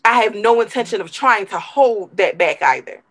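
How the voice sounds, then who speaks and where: A woman's voice: mid-range voice, expressive, moderate pace, fairly bright tone, poor audio. A woman co-hosting a talk show, giving impassioned, emphatic commentary and repeating words for emphasis while emotional.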